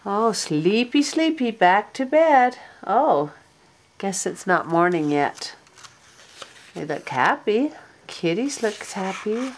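An older woman reading a picture book aloud to a child in a gentle, coaxing way, stopping to ask the little one questions. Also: mid-range voice, very animated, slow pace.

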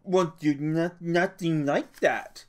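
A man's voice: on the high side, slow pace, voice pushed up. A man voicing a simple-minded, childlike giant farmhand who stammers and pleads. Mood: insistent.

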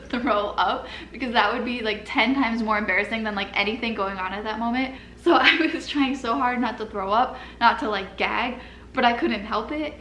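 A young woman tells a personal story straight to camera, chatty and loose, with "like" in nearly every line. Her voice sits a little high, and she breaks into nervous laughs as she goes. The room adds a clear echo, with a faint hiss underneath. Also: fairly bright tone. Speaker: vlogger. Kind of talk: casual storytime. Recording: echoey room with faint noise.

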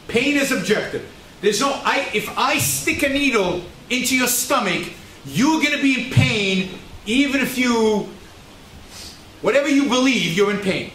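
A man with a high voice lectures a live audience. He is emphatic, hammers his points by repeating them, and asks the room questions. The sound is roomy and distant, with faint noise behind him. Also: sharp tone. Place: event hall in Shanghai.

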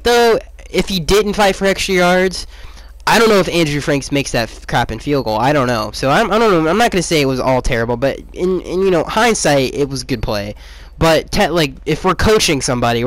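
A man with a slightly high voice gives a rambling, excitable recap of a football game. The recording is close and dry, with no room sound. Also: no echo. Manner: rambling and excitable, swaps swears for "crapping". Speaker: football fan giving his take.

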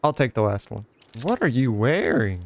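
A young man giving casual let's-play commentary, excitable, exclaiming and chatting to an in-game companion. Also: mid-range voice, normal speed, creaky, background noise. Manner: excitable, talks to companion character, frequent laughs and exclamations. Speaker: gaming channel host.

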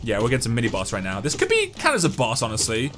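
A young man giving excitable, joking let's-play commentary while he talks to the game. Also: medium pitch, fast talker, soft background music. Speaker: gaming YouTuber.

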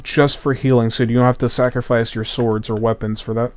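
A man's voice: medium pitch, level tone, brisk. A man hosting a video game playthrough, chatting casually and rambling with restarts and laughs. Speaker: host. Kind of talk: casual gameplay commentary. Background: game music.

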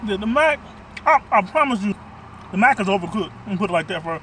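A man's voice: sits high, lively intonation, fast talker, bright, forceful tone, slight background noise. A man doing a casual food review vlog from his car, talking bluntly and profanely as he rants about the food.

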